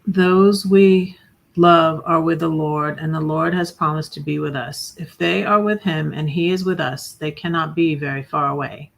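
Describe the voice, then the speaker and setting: A woman hosting a livestream, reading her own poems in a hesitant way with many pauses and fillers. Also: low voice, steady tone, vocal fry. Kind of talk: casual poetry reading on a livestream.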